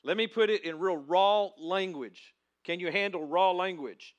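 A man's voice: high voice, a little slow. A man pastor preaching a sermon, praying and then reading and acting out scripture with dramatic emphasis. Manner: dramatic, shouting crowd voices in reenactment.

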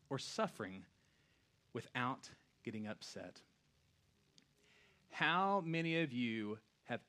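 Male pastor, thirties, casual sermon, animated, hushed then loud, mid-pitched voice.

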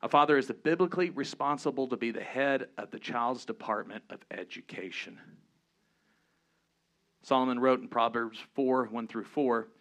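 Bright-voiced preacher giving a sermon. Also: male voice, normal speed. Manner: earnest, shifts between low emphatic asides and lively storytelling. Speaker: pastor.

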